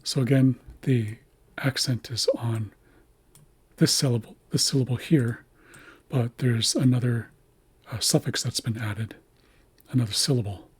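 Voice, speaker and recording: A man giving a screen-share language lesson, carefully repeating each word slowly and breaking it into syllables. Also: medium pitch, fairly even intonation, breathy edge. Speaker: language teacher. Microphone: webcam setup.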